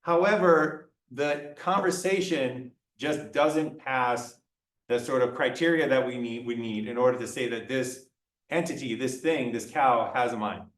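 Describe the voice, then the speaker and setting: A man's voice: mid-range voice, unhurried. A male lecturer giving a conversational classroom talk, acting out little dialogues as he explains. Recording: echoey room, mic far off.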